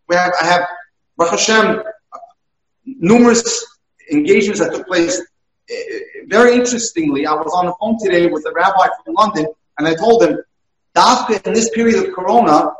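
A man's voice: high voice, distant mic. A man working as a dating mentor, recounting one case after another. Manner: anecdotal, storytelling cases. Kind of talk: talk. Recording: echoey room, voice away from mic.

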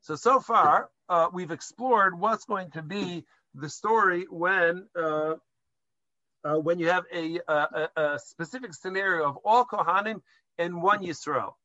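A man's voice: high-pitched, measured pace, pushed and bright, dry recording, muffled recording. A man giving a Jewish law lesson to a class, explaining step by step and mixing Hebrew terms into English, with some hesitant restarts. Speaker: rabbinic lecturer.

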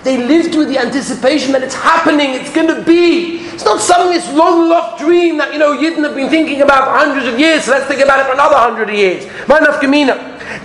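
High-voiced man giving an animated Torah talk. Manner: storytelling, acts out quotes, swings from loud to hushed. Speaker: rabbi giving a shiur. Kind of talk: animated Torah lecture with stories. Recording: echoey room with faint background hum.

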